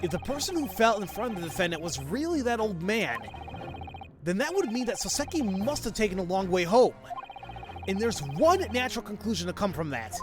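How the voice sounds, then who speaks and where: A man chatting casually and reading game text aloud during a playthrough, rambling and animated. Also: high voice. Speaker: streamer. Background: game music.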